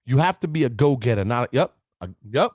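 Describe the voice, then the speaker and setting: A man with a mid-range, slightly mellow voice speaks quickly and with lively intonation, recorded clean in a studio with no room sound. He is hosting a motivational livestream, preaching about never quitting and greeting viewers by name, sometimes getting choked up.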